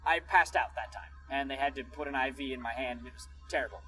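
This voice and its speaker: A man co-hosting a podcast during a road trip, telling a funny family story in a lively, animated way. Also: medium pitch, fast, faint music behind, low-quality recording. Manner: lively storyteller who acts out quotes. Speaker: podcast co-host. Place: inside a car on a road trip.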